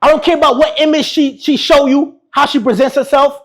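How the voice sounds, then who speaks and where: A man's voice: very high-pitched, steady tone, a little fast, fairly bright tone. A man giving brash, mocking reaction commentary. He laughs often and keeps repeating his insults. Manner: laughs often while talking. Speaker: YouTube relationship commentator.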